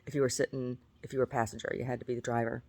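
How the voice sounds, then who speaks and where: Rambling gravelly woman vlogger. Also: extremely low pitch, flat delivery, rapid-fire, darkish tone. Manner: rambling, laughing, self-mocking storyteller; repeats words and restarts often. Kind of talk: casual monologue to camera.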